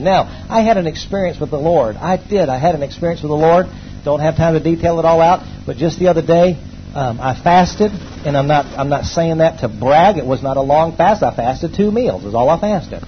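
A man preaching a sermon to a congregation, emphatic, swinging between loud exclamations and low asides and calling on the people to respond. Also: a little fast, dull audio, slight background noise. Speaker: pastor. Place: church hall before a congregation.

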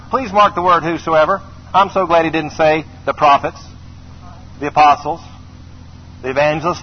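A middle-aged man preaches with an emphatic, high-pitched voice, repeating key phrases and calling on his listeners to answer back. The recording is slightly muffled, with faint background noise. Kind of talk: sermon.

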